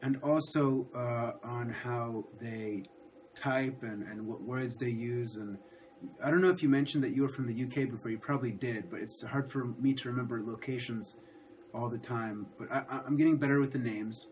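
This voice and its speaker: A man's voice: mid-range voice, fairly even intonation, brisk, slight background noise. Hesitant man hosting a livestream. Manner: hesitant, repeats words and restarts. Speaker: livestream host. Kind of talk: casual chat.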